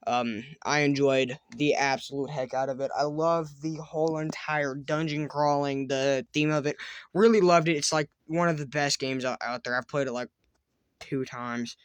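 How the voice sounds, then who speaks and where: A man's voice: fairly high pitch, fairly even intonation, moderate pace, smooth, no echo. Man stumbling through reading a game aloud. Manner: stumbling reads, restarts and fillers; casual, chatty. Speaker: let's-play host.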